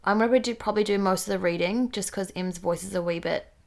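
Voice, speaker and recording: A woman's voice: medium pitch, fast talker, creaky. A young woman with a New Zealand accent, co-hosting a casual chat podcast and reading listener questions aloud. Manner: relaxed, chatty, reads listener questions aloud. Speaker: podcast co-host.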